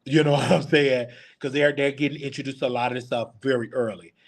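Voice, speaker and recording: A man's voice: mid-range voice, steady tone, fast, creaky. A man in his thirties hosting a live Q&A, talking candidly about his own life. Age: 30s. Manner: candid, confiding, personal storytelling. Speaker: show host. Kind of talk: live Q&A chat.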